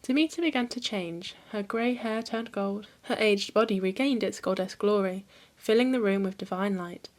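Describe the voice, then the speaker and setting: Reading a mythology book aloud for her history channel, a woman narrates in a calm, even way. Her voice is mid-range and her pace moderate.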